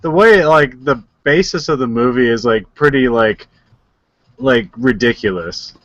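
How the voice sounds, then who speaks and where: A man's voice: mid-range voice, a little slow, a bit bright, no echo, highs cut off. A man co-hosting a podcast, retelling a movie in casual chat, rambling with lots of filler words and frequent laughs. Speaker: podcast co-host.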